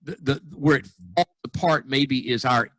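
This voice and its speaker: A dentist and consultant telling stories in a casual podcast conversation, acting out dialogue with lots of restarts. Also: male voice, mid-range voice, moderate pace, dry recording, rough recording. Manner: animated storyteller, acts out quoted dialogue; frequent restarts and repeated words. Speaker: dentist and practice consultant guest.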